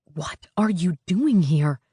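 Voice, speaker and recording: A woman's voice: lowish voice, a little slow, darkish tone, no room sound, studio quality. A woman voicing a polite, tense bride-to-be.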